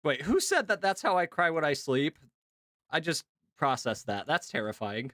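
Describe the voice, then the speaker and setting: A man streaming casually to his chat, talking in an animated, chatty way with lots of fillers and laughs. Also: fairly high pitch, normal speed, no room sound, studio quality. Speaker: streamer and voice actor.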